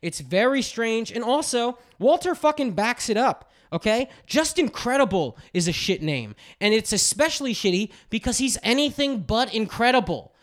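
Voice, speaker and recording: A man's voice: very high voice, very animated, moderate pace, hardly any pauses. A man hosting a podcast, ranting in a casual, profane way about wrestling and telling stories. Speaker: podcast host.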